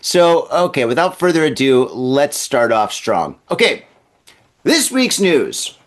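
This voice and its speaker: A man's voice: a little high, very animated, slow. A man hosting a comedy news show, reading stories in a casual, rambling way with joking asides. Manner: jokey and rambling, laughs at his own asides.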